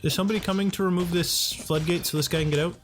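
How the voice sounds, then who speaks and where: A man's voice: high voice, fairly even intonation, fast talker, faint music behind. A man giving casual, chatty commentary while playing a game at home, often talking to himself and his game characters. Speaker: let's play host. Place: home condo.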